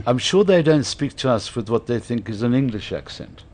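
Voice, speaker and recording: A man, a radio host, telling an animated anecdote in casual chat and laughing often. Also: medium pitch, normal speed.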